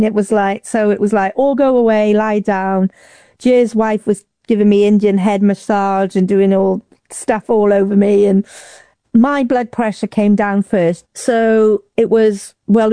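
A woman from Wales recounts a story in casual conversation, jumping high in pitch whenever she acts out what people said. Her voice is mellow and warm, recorded close and dry with no room sound. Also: no room sound. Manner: lively, acts out quotes with big pitch jumps. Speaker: interview guest.

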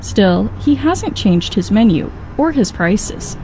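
A woman reporter narrating a radio news story in a lively way. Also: mid-range voice, slow pace, slight background noise. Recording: report with music in the background.

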